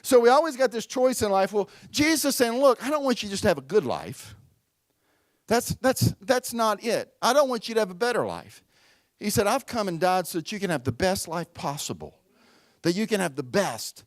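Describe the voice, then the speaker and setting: A man's voice: high-pitched, sing-song, moderate pace, dry recording. A middle-aged man preaching a sermon at a church, conversational and storytelling, calling out to the congregation. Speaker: pastor.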